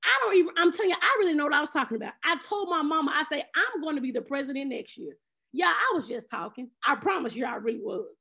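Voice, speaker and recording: A woman, giving a casual devotional talk on a video call, lively and preachy, often laughing and acting out her own thoughts. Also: extremely high pitch, creaky. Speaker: speaker at an online faith round table.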